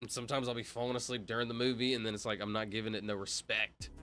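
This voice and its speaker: A young man chatting casually on a livestream while gaming, relaxed and rambling, full of slang. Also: fairly low pitch, racing, soft background music. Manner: relaxed, rambling, slangy, says "bro" often.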